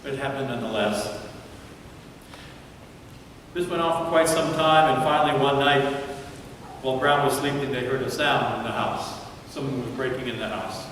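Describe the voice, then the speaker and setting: A man preaching a sermon as pastor, telling a story dramatically and dropping to hushed tones at times. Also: medium pitch, normal speed, pauses often, slight background noise. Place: large church sanctuary. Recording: echoey church hall from far off.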